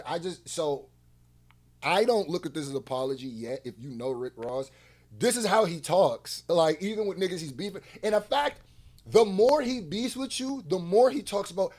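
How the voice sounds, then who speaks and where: A man reacting to a clip in casual commentary, animated and mocking, often dropping to a low mumble to quote someone.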